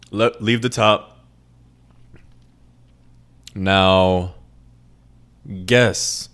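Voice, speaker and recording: Young guy with a lowish voice, rambly and sweary, just chatting on his podcast. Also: fairly bright tone. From Puerto Rican family, raised in New York. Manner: rambling, profane, joking asides. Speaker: podcast host. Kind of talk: casual monologue.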